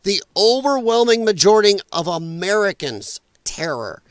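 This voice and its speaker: A middle-aged man hosts a political livestream from home, his voice sitting high for a man. He rants angrily and emphatically, peppering every point with profanity. The sound is dry and close, with no room around it. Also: lively intonation, normal speed, fairly bright tone, dry recording. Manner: angry, profane, emphatic ranting. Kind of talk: casual ranting livestream commentary.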